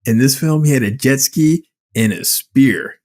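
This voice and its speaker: A man's voice: medium pitch, measured pace. A man co-hosting a podcast, ranting about a movie in casual chat, swearing often and telling it with incredulous energy. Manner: animated, swearing, incredulous storytelling. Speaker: podcast co-host.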